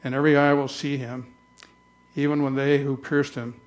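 A man's voice: mid-range voice, level tone. Man preaching a conversational sermon. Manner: conversational preaching, reads scripture slowly. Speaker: pastor.

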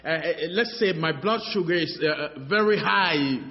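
A man preaching a sermon, animated and halting, often repeating words and filling pauses, acting out little dialogues as he goes. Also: a little high. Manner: acts out dialogues in his story. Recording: dull sound, long hall reverb.

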